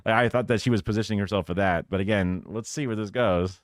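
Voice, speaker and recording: Sarcastic low-voiced male streamer, dry sound. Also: fast talker, no room sound. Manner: rambling, sarcastic, swears, mocks in put-on quotes. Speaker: streamer reacting to news clips. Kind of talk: casual live-stream commentary.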